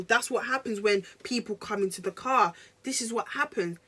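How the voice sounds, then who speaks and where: Bright-voiced young woman vlogger. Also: on the high side, a little slow. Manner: animated, slangy, addresses viewers directly. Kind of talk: casual storytelling to camera.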